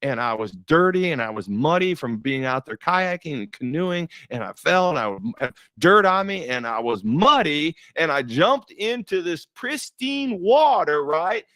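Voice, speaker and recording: A man's voice: a little high, very animated, measured pace, a bit bright, dry recording. A middle-aged man giving a faith-based motivational talk, emphatic and repetitive with a preacher-like cadence. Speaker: motivational speaker.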